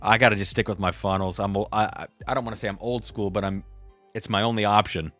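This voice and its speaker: A man's voice: lowish voice, fairly even intonation, quick pace, fairly bright tone, soft background music. A young man hosting a casual live stream, chatty and reading viewer comments aloud. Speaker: livestream host.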